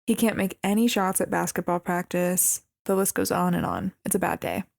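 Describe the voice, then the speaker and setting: A woman's voice: lowish voice, sing-song, normal speed, gravelly. A woman co-hosting a podcast, recapping a movie plot in casual chat with wry, amused comments. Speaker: podcast co-host.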